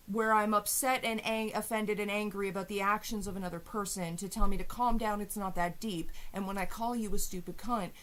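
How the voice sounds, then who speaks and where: Woman vlogger, mid-pitch voice, furious, sweary, sarcastic monologue to camera. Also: a bit bright. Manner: heated, profane, sarcastic. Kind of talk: angry rant to camera.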